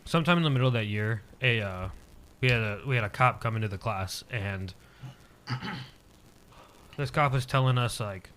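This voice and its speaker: A man's voice: mid-range voice, moderate pace, long pauses, fairly bright tone, a little hiss or hum. A man in his twenties, a podcast guest, telling a personal story casually and hesitantly, with many filler words.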